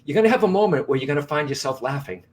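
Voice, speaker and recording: A man's voice: fairly high pitch, expressive, very fast, darkish tone. A man co-hosting a live broadcast as a psychic medium, speaking earnestly and reassuringly straight to his viewers, often restarting and repeating phrases.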